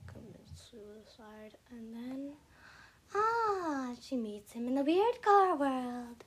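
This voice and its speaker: Excitable slangy young woman gamer. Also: high-pitched, slow pace, a little hiss or hum, low-quality recording. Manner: excitable, slangy, talks to herself, swings between loud outbursts and mutters. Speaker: vlogger. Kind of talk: casual gaming commentary.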